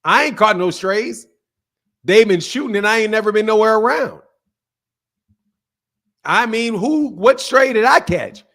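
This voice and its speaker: A man hosting a live boxing stream, trash-talking brashly, laughing often and swinging from loud outbursts to low mutters, with speech. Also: lively intonation, a little slow, pauses often. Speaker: boxing channel host. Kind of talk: live stream commentary with viewer chat.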